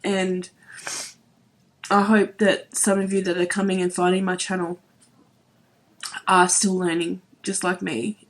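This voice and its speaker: A woman in her thirties vlogging about makeup, emotional and close to tears, speaking earnestly with many fillers. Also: medium pitch. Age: 30s. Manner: emotional, voice wavering near tears; earnest, repeats herself, many "like"s. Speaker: beauty vlogger. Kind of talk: emotional vlog to camera.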